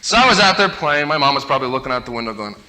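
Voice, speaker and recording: Lively, bright-voiced man telling funny stories. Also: mid-range voice, racing. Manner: animated, self-mocking. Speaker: speaker. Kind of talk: humorous storytelling talk.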